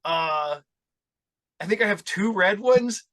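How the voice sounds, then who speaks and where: A middle-aged man hosting a podcast, telling rambling, animated stories in casual chat and laughing along. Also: high-pitched, slow pace. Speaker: podcast host.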